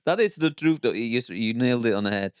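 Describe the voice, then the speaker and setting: A man's voice: mid-range voice, animated, fast talker, smooth, no room sound. A man, a comedian co-hosting a podcast, making emphatic, sweary points in casual banter.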